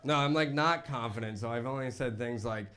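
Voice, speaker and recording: A man's voice: mid-range voice, brisk, pushed and bright. A young man doing a self-deprecating stand-up set on stage, rambling with restarts and fillers. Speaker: stand-up comedian. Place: basement comedy club stage. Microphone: handheld stage microphone. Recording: live club with crowd laughter. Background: audience laughing.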